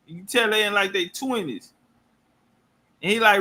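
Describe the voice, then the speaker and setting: A man's voice: high-pitched, moderate pace, sharp tone. A man giving loose, profane reaction commentary and telling stories.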